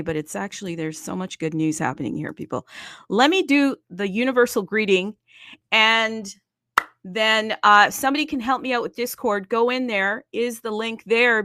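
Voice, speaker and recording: A woman's voice: mid-range voice, a bit bright, dry recording, studio quality. A woman hosting a casual live crypto chat, bubbly and exclaiming, with playful greetings and many fillers. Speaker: host of a crypto audio space.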